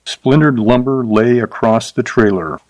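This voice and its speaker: A man's voice: medium pitch, measured pace, darkish tone, dry recording, low-quality recording. Dry, close male audiobook narrator. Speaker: narrator reading a short story.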